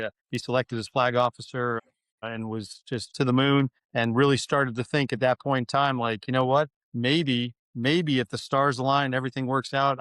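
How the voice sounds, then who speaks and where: A middle-aged man from New York recounts his career in an earnest, conversational way, stopping and restarting his sentences often. His voice is smooth and clear at an average pitch. The recording is dry and close, with no room sound. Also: fairly bright tone, no room sound. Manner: frequent restarts and fillers, earnest. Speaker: university president, guest. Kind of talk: conversational storytelling.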